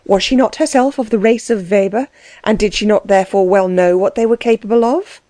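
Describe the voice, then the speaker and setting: A woman narrating a novel in a steady, measured reading. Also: mid-range voice, dry recording. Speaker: audiobook narrator. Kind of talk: scripted narration.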